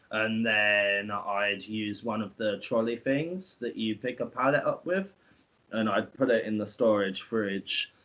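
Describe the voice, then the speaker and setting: A man's voice: fairly low pitch, pushed and bright. A man co-hosting a podcast, telling stories about farm work in a chatty, rambling way with many restarts. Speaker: podcast co-host. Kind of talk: casual storytelling.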